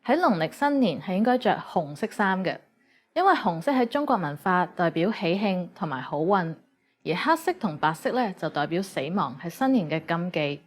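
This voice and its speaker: A woman giving a clear, measured, scripted narration for a language lesson. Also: lowish voice, sing-song. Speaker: language teacher.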